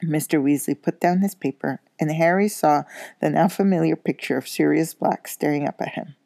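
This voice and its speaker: A woman reading a children's novel aloud, steady but with small slips and corrections. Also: low-pitched, moderate pace, gravelly, no room sound, studio quality. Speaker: school coach reading aloud.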